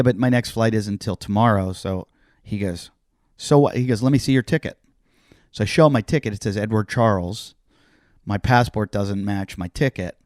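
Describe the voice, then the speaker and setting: A man's voice: fairly low pitch, no echo. Middle-aged comedian guy on a podcast, telling a story, doing everyone's lines, swears a bit, dry close sound. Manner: animated storyteller acting out other people's lines; swears casually. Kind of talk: casual storytelling chat.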